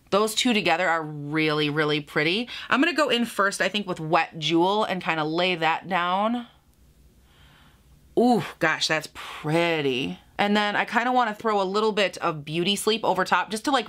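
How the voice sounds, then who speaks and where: A young woman chats through her makeup routine in an easy, giggly way. Her voice is bright and forward, and she talks to the camera as if to friends, often teasing herself. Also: on the low side. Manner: chatty, giggly, self-mocking, talks to viewers directly. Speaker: beauty vlogger. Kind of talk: casual get-ready-with-me chat.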